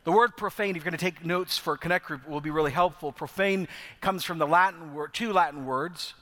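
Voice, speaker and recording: A middle-aged pastor delivers an earnest sermon, his voice a touch higher than most men's. He slows down to hammer home key phrases. The sound trails off in the long reverb of a church hall. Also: sharp tone.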